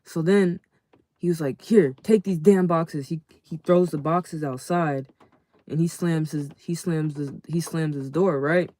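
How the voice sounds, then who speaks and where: A man casually telling a story to his live chat in a slangy, animated way, acting out the people in it. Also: on the high side, a little slow. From California. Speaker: livestream host.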